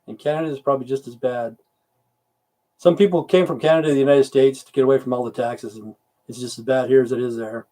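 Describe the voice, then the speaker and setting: A man's voice: mid-range voice, steady tone, fast, dark tone. A middle-aged man hosts a loose livestream chat, answering his viewers one comment at a time. He rambles and swears freely, grumbling about the government in an ordinary mid-range voice. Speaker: livestream host; military veteran.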